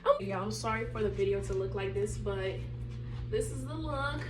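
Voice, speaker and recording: A woman's voice: mid-range voice, normal speed. A young woman, telling a candid story time to her viewers with lots of laughter. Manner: laughing often, animated and candid, slangy. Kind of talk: casual storytime chat to viewers.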